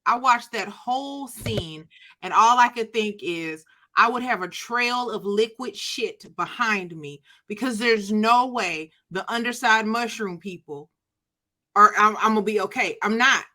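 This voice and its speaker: A woman's voice: mid-range voice, measured pace, sharp tone. A woman co-hosting a podcast in casual chat, playful and given to dramatic exclamations. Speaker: podcast co-host.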